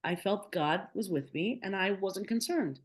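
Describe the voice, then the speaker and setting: A woman's voice: mid-range voice, a little slow. A middle-aged woman, a podcast guest, retelling a personal story with feeling, acting out quoted dialogue and often restarting her sentences.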